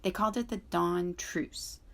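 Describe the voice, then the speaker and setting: Woman librarian, clear expressive read-aloud of a children's book for students. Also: on the low side, measured pace. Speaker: school librarian.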